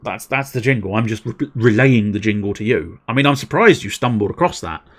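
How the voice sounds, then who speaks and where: A man's voice: lowish voice, animated, fairly quick. A man streaming a video game and chatting casually, rambling into playful wordplay with a self-deprecating touch. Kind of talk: casual livestream commentary.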